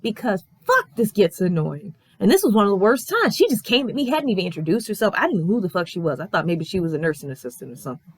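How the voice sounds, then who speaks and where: A young woman vlogging in an animated, profane storytelling style, exasperated and expressive. Her pitch is mid-range for a woman but swings widely from low mutters to high outbursts. The recording is dry and close, with no room sound. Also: fast, husky, no room sound. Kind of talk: casual storytelling vlog.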